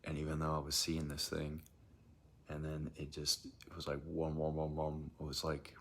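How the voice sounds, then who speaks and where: A man's voice: extremely low pitch, monotone, normal speed, fairly bright tone, husky. A man telling a strange personal experience in a rambling, hesitant way, often dropping into a whisper. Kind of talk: casual first-person account.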